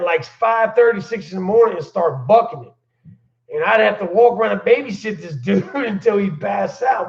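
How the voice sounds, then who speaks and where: A man's voice: high voice, vocal fry. A man hosting his own channel, telling stories casually in slang-heavy talk and laughing as he goes. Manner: laid-back slang-heavy storyteller, laughs while telling. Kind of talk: casual livestream storytelling. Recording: echoey room, dull lo-fi sound.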